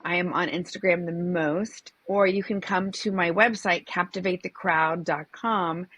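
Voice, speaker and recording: A woman's voice: lowish voice, steady tone, unhurried, a bit bright, breathy edge, dry recording. A woman guest, a comedian and presentation coach, speaking in an upbeat, enthusiastic way in a casual interview.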